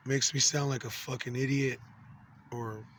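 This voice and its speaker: A man's voice: mid-range voice, steady tone, unhurried, fairly bright tone, slight background noise. A man in his forties talking to camera in an angry, rambling, profane monologue full of fillers and restarts. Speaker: vlogger.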